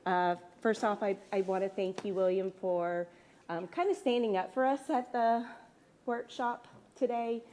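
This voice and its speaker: A woman's voice: medium pitch, unhurried, a little mellow. A woman, giving nervous public comment as a parent, hesitant with many fillers and restarts.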